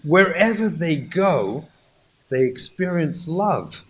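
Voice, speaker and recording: A man's voice: a little high, animated, takes it slowly, rough recording. A man, a rabbi, giving a lecture on marriage, animatedly repeating his key points and acting out little scenes. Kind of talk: lecture with acted stories.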